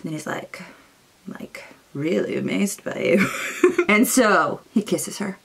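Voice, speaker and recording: A young woman casually summarizing a novel's plot, chatty and acting out characters in quick asides. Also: fairly low pitch, creaky, husky. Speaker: booktuber.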